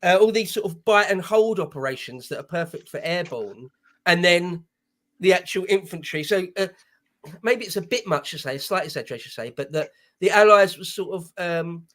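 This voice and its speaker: A man with a notably high voice joins a casual panel discussion. He talks eagerly and now and then reads short passages from books. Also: expressive, moderate pace, a bit bright. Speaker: panel guest.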